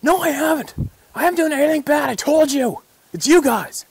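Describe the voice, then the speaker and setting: A man voicing a frustrated male hunter who shouts and curses in anguish at his own mistakes. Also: very high-pitched, brisk, no echo, pitched above the performer's own voice. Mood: defensive.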